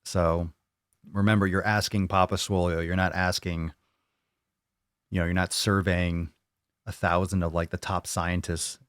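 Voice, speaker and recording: A man with a low-pitched, flat delivery speaks a little slowly and pauses often; his voice is a bit bright and smooth, recorded cleanly in a studio with no echo. He hosts a live fitness Q&A, answering viewers bluntly, opinionatedly, and with plenty of swearing.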